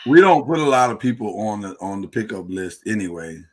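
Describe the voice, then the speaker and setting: A man's voice: fairly low pitch, brisk. A man co-hosting a podcast, telling a story in casual chat and acting out the people in it. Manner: animated storytelling, acts out quotes. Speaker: podcast co-host.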